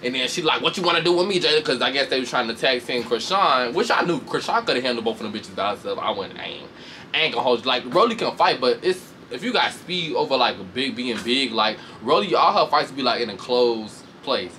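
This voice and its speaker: A man casually recapping a reality show fight with lots of swearing, laughter, and sudden high mocking voices. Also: fairly quick, slight background noise. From Chicago. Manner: animated, profane, laughs often, shifts into high mocking voices. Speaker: commentator reacting to a reality show. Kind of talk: casual chat.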